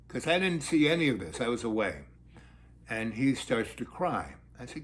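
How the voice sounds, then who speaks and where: An older man rambling through a long story in a blunt, crude, animated way. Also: medium pitch, moderate pace.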